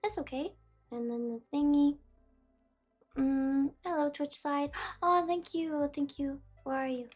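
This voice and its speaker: A woman's voice: high voice, unhurried, darkish tone, soft background music. A woman livestreaming, chatting casually with her viewers, reading chat aloud and drifting off track. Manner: chatty, reads chat aloud, easily distracted. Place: warm room indoors with big windows.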